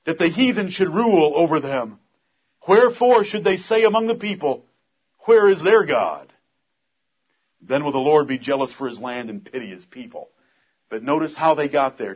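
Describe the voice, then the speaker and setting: A man's voice: high-pitched, husky, lo-fi sound. A man preaching a sermon, earnest, reading scripture aloud and pressing the point with force.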